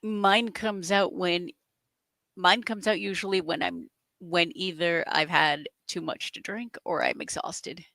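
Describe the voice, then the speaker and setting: Brief: woman co-host, light Boston accent, dry mic, halting casual talk. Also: fairly low pitch, fairly even intonation, vocal fry, bright, forceful tone, dry recording. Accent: mild Boston. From north of Boston. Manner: hesitant, many false starts and fillers. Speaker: podcast co-host. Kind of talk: casual chat.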